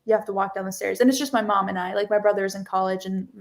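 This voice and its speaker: A young woman guest on a video call, telling a story in a lively, giggly way full of fillers. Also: medium pitch, racing. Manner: animated, giggly, lots of "like". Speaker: interview guest, singer. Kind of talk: casual interview storytelling.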